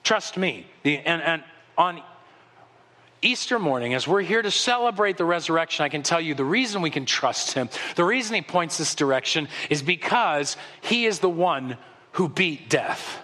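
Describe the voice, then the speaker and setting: A high-pitched, bright male pastor delivers an animated sermon, acting out voices as he tells the story. His voice rings with long reverb in a church sanctuary. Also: normal speed.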